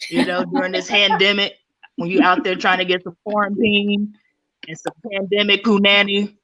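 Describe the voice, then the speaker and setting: A woman's voice: medium pitch, monotone, normal speed, pushed and bright, lo-fi sound. Giggly, rambling woman comedian. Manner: rambling, giggly, jokes with voices. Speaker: stand-up comedian. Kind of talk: stand-up comedy set.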